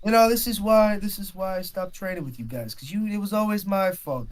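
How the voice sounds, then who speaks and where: A man's voice: high-pitched, fairly quick, pitched above the performer's own voice, close to an everyday voice. Man doing a whiny drunk with a fake New York accent. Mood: drunk whining.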